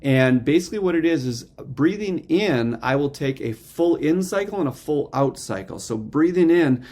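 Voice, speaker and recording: A man's voice: fairly high pitch, lively intonation, moderate pace, darkish tone. A man teaching a gratitude and meditation breathing practice, explaining step by step and often checking in with "okay?". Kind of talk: casual instructional talk.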